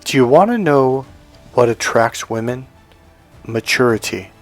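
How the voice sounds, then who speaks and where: A man's voice: medium pitch, animated, unhurried, faint music behind. Blunt, emphatic male dating coach. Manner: emphatic, blunt, swears freely. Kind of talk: motivational monologue to camera.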